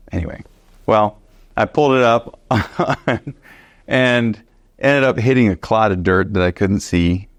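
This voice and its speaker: A man teaching a Bible study, telling a personal story in an animated, conversational way with many fillers and restarts. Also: lowish voice, a little slow, no echo, studio quality.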